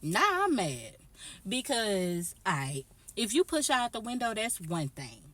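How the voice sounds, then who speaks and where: A woman tells a story for her vlog in a slangy, profane, animated way. Her voice is husky and a little breathy, at a middle pitch. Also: measured pace, dry recording. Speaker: vlogger.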